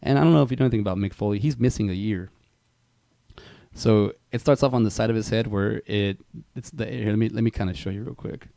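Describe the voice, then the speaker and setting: A man co-hosting a movie podcast, chatting casually and telling animated stories. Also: fairly low pitch, quick pace, gravelly, no echo. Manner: animated storyteller, loud impressions in anecdotes. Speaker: podcast co-host. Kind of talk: casual chat.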